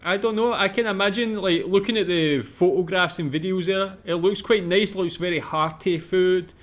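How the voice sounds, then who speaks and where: A man hosting a reaction video, pausing the clip to ask his viewers questions. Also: high voice, fairly even intonation, a bit bright. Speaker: reaction channel host. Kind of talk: reaction commentary.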